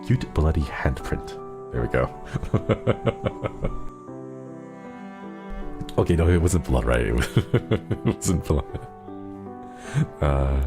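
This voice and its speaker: Super deep guy streaming, slow and giggly, soft music playing behind. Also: big pitch swings. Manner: tender, giggly, easily moved. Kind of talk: casual live-stream chat. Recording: background music under the voice. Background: soft background music.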